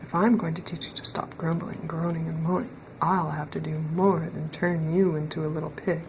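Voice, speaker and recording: A woman's voice: sits low, flat delivery, moderate pace, a little mellow, slight background noise, close to an everyday voice, rough recording. Woman doing a stern storybook wizard. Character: stern magical male wizard.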